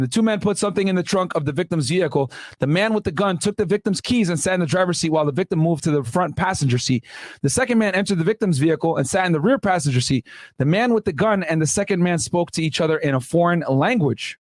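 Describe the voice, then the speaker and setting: A young man hosting casual reaction commentary, loud and slangy, laughing and swearing often. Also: sits high, lively intonation, quick pace, no echo. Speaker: commentary host.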